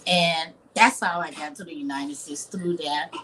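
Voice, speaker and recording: A woman's voice: deep voice, measured pace, very noisy. A woman from Liberia in her fifties, a chef telling a personal story in a live interview with an earnest, dramatic manner. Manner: earnest, dramatic, acts out quoted voices. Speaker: chef guest.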